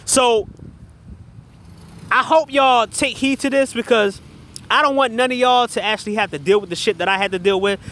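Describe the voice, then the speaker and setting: Brief: a high-voiced man with a sharp, bright tone rants heatedly on a livestream, profane and repetitive, and calls out his chat directly. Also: normal speed, pauses often. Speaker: livestream commentator.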